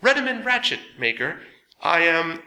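Man voicing a squeaky, bright little robot bureaucrat for an audiobook, echoey room. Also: sing-song, normal speed, full character voice. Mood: nervous. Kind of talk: audiobook character voice.

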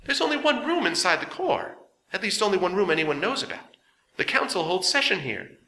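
A man doing a fussy high-voiced robot official. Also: very animated, fairly quick, creaky, bright, forceful tone, reverberant, a little hiss or hum, full character voice. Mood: knowing. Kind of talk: audiobook character voice.

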